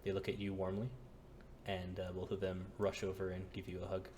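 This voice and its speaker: A man's voice: sits low, monotone, fast, a little mellow. A man narrating a tabletop game as dungeon master, laid-back with lots of fillers.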